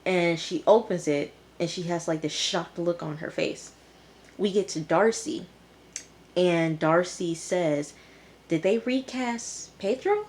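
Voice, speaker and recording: A woman's voice: on the low side, steady tone, slow, a little mellow, a little hiss or hum. A woman giving a casual recap of a TV episode, exclaiming and talking straight to her viewers. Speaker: TV episode reviewer.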